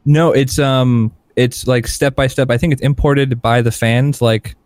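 A man co-hosting a casual chat, explaining things slowly with many fillers. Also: mid-range voice, steady tone, darkish tone, no echo.

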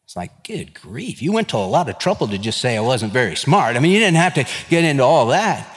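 A man's voice: medium pitch, very animated, fast talker. A man preaching a sermon as pastor, with a conversational delivery that mixes joking asides with earnest exhortation. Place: church sanctuary. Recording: long reverb of a large hall.

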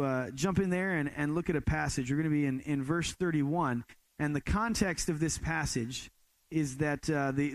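A young man preaching in a laid-back, storytelling way, stumbling and restarting often as he jokes about himself. His voice sits a little high with a gravelly fry. The sound is close and dry, with no room echo. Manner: casual storytelling, self-deprecating, many restarts. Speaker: pastor. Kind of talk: sermon.

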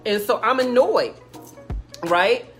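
A woman's voice: fairly high pitch, lively intonation, takes it slowly. A woman chatting casually to her livestream viewers, rambling through a story with many fillers and restarts. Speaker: livestream host telling a story. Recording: music playing in the background.

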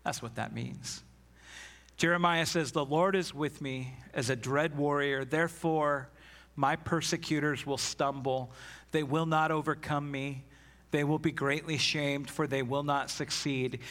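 Male pastor, slightly high voice, slow emphatic sermon delivery. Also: fairly even intonation, a bit bright. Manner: earnest, emphatic preaching, reading scripture aloud.

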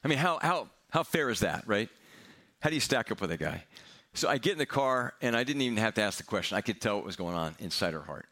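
A middle-aged male pastor telling a personal story in a sermon, candid and self-mocking with quick humor. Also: fairly low pitch, lively intonation, sharp tone.

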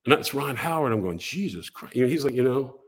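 Animated older man telling a story. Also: medium pitch, quick pace. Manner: animated, acts out quoted voices. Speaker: podcast guest. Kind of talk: casual storytelling.

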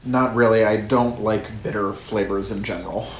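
Low-voiced man in an echoey room. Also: steady tone, normal speed. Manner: brief, easygoing replies. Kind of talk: casual chat. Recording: roomy echo, faint background noise.

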